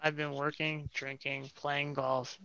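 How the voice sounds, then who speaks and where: A man's voice: a little high, level tone, slow pace, a crowd in the background. A young man chatting on a podcast, laid-back and laughing while he tells a story. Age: young adult. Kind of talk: casual chat, storytelling. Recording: dull dry podcast mic.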